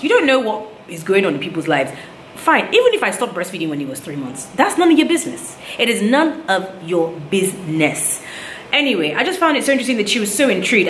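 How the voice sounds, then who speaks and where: A woman, telling a casual storytelling vlog about motherhood and acting out the lines of people she met. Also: lowish voice. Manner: animated retelling, acts out others' lines. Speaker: vlogger, new mother. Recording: roomy echo, faint background noise.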